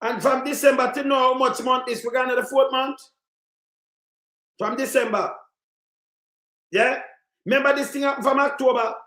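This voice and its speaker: Ranting Jamaican man, high and roomy. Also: fairly even intonation, normal speed, pauses often. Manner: ranting, repetitive, often shouting in Jamaican patois. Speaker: livestream commentator. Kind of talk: heated live news commentary.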